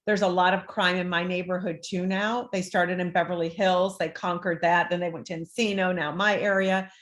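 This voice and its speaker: A woman's voice: fairly low pitch, normal speed. A woman, a life coach talking as an interview guest and acting out the voices she quotes. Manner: animated, acts out quoted voices. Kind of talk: conversational interview.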